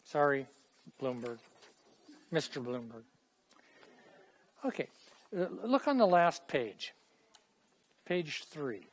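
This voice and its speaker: A man's voice: a little high, big pitch swings, slow pace, pauses often. A middle-aged man teaching a language class in a classroom, chatty and repeating phrases for students to echo. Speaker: Hebrew teacher.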